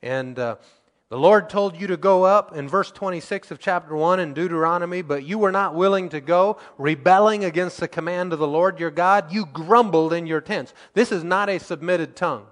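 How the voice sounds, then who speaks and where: A man preaching a sermon, reading scripture aloud and acting out quotes, his loudness swinging between emphatic and quiet. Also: high-pitched, normal speed, in a large hall.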